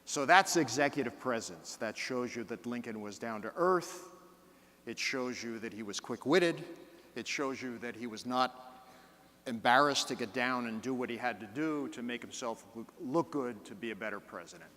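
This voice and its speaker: Keynote speaker, man, 50s; theatrical dynamics, booming hall reverb. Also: animated. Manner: dramatic, swings between loud bursts and hushed slow phrases for emphasis. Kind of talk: storytelling keynote speech. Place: large conference hall. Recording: long reverb of a large hall.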